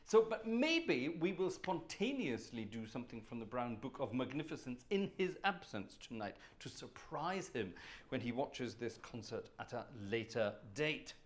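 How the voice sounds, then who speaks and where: A man's voice: medium pitch, big pitch swings, normal speed. A man hosting a live organ concert stream from home, chatting in a genteel, slightly theatrical way. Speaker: organist and livestream host. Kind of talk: casual live-stream chat. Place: warm room at home with an organ.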